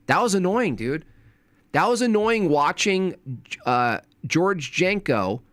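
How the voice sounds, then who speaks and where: A man in a livestream commentary, irritated and mocking, who slips into soft put-on voices to mimic people. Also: on the high side, no room sound.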